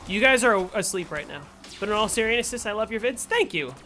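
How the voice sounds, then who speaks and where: A man's voice: high voice, lively intonation, a little fast, sharp tone, soft background music. A young man streaming a game and chatting casually with his viewers, answering them with playful sarcasm. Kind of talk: casual live-stream chat while playing.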